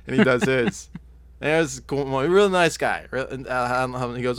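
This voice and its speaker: A man's voice: medium pitch, fast talker, a bit bright, clean tone, no room sound. A man co-hosting a podcast, telling rambling stories in casual chat, laughing often and mimicking people. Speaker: podcast co-host.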